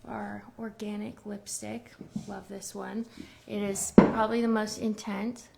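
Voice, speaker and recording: A woman's voice: mid-range voice, level tone, measured pace, creaky, few pauses, background noise. A woman hosting a casual makeup tutorial, chatting through each step in a rambling way and restarting her phrases. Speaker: beauty brand host demonstrating makeup.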